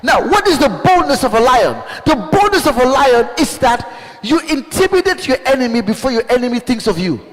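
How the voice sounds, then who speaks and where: A man preaching a fiery sermon as a bishop, calling out questions to the congregation and bursting into shouts. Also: very high-pitched, sing-song, fairly quick. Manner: call-and-response, shouting bursts, rhetorical questions. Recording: long hall reverb.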